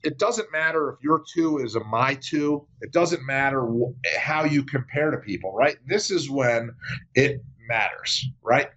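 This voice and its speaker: A man speaks as a podcast guest, recounting his experiences candidly and steadily. His voice has a bright, forward timbre at an ordinary pitch for a man. The audio is a little dull and lo-fi, as with a modest podcast recording. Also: unhurried. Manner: candid, frequently checks in with "right?". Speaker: podcast guest, app founder. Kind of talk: conversational interview storytelling.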